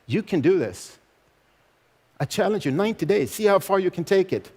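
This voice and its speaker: A motivational speaker in his forties gives an emphatic speech on stage in a large event hall, his words trailing a long reverb. His voice sits high and sounds animated and a little mellow at normal speed, and he repeats key phrases and asks rhetorical questions.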